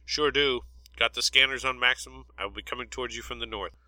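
A man voicing a calm male ship pilot on the radio, speaking briskly and plainly. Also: medium pitch, dry recording, rough recording. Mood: steady.

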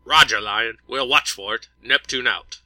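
A man voicing a brisk male starship commander with an English accent, talking in clipped, upbeat radio bursts. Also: mid-range voice, bright, forceful tone, dry recording, low-quality recording.

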